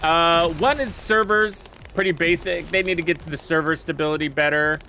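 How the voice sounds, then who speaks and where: A man's voice: a little high, normal speed, pushed and bright, slight background noise. A man casually commenting on his gameplay and chatting about the game with viewers in a laid-back way. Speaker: gaming streamer.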